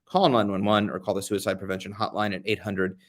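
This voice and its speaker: A young American man, a livestream host and advocate, runs a casual live-stream chat from a beach rental during a getaway. He is chatty and self-deprecating, joking about himself and greeting viewers by name. His voice is lowish and fast, with little pitch movement.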